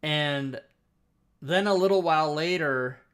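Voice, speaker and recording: A fairly high-voiced man hosts a casual livestream and tells a story with lots of energy. He laughs often, swears freely and keeps the story moving. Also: measured pace, clear, resonant tone. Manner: animated, profane, laughing storyteller. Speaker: host.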